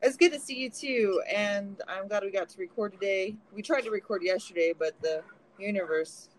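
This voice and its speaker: A woman's voice: mid-range voice, moderate pace, low-quality recording. A woman co-hosting a podcast in a casual chat, answering briefly and laughing often. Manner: laughing, short replies. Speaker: podcast co-host.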